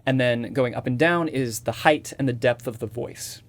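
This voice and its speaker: A man's voice: medium pitch, moderate pace. A man with a slightly nasal voice, a voice actor and impressionist guest explaining his techniques step by step in casual interview chat.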